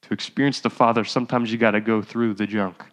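This pastor talks fast, his voice on the low side yet a bit bright and steady in tone. His sermon moves from easygoing conversation to fervent exhortation, echoing with hall reverb.

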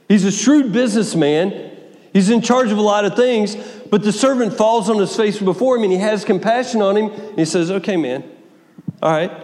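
A man preaching a sermon, reading scripture aloud with lively swings between soft asides and raised, dramatic passages. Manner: lively, wide swings in pitch and loudness, reads scripture dramatically. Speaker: pastor. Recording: long hall reverb.

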